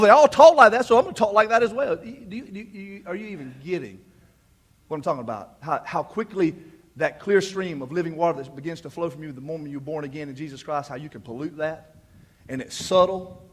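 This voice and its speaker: High-voiced preacher, emphatic and repetitive. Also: male voice, slightly rough. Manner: emphatic, repeats words when fired up; swings from hushed asides to loud declarations. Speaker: pastor. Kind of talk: sermon. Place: church sanctuary.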